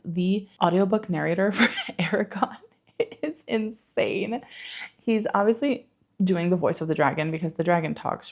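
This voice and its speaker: A woman talks to camera in a loose, rambling vlog style, full of laughs and casual swearing. Her voice sits a little low for a woman, and she talks as if to friends. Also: creaky, darkish tone. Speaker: book vlogger.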